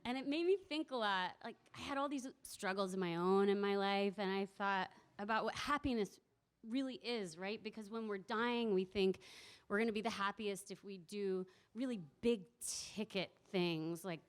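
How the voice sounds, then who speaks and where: A woman's voice: medium pitch, moderate pace. A young woman telling a personal story to a live audience at a community event, now and then laughing and acting out voices. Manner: warm, laughing, acts out voices in quotes.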